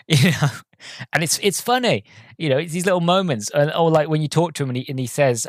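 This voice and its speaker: A man's voice: fairly high pitch, lively intonation, fairly quick, fairly bright tone, dry recording. Rambling man reviewing a game, dry sound. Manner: rambling, lots of ums and restarts; enthusiastic fan. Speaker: podcast host.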